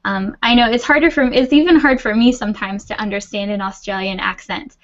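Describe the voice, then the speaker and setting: A woman's voice: mid-range voice, brisk, lo-fi sound. A woman teaching an English class over a video call, patient and reassuring. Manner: patient, reassuring, laughs often. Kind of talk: online class, friendly explaining.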